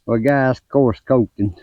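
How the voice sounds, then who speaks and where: An older man with a drawl tells a folksy family story in a slow, unhurried way, with easy laughs in between. His voice sits in a middle pitch. The sound is dry and slightly muffled, like a lo-fi recording made outdoors. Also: no room sound. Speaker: gardening vlogger and grandfather. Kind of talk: casual storytelling vlog. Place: outdoors in a garden.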